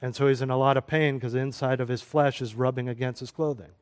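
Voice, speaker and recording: A middle-aged man preaching a sermon with a mid-pitched voice. He builds to loud, urgent exhortation, then eases into a hushed, gentle tone for prayer. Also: steady tone, quick pace, clear, resonant tone. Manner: impassioned, swinging from loud exhortation to soft prayer. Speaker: pastor.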